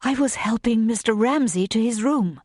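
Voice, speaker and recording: In an audiobook, a woman voices a frightened, earnest young governess who pleads in a raised, distressed voice. Her delivery is fairly high, pitched above her own natural voice yet close to everyday speech, with a moderate pace and darkish tone. The recording is clean studio sound with no echo.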